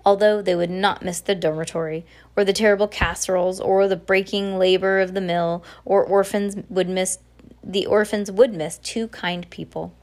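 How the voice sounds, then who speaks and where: A woman's voice: medium pitch, steady tone, moderate pace, a little mellow. A woman reading a children's novel aloud, unpolished, with frequent slips and restarts. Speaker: audiobook reader. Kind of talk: casual read-aloud of a novel.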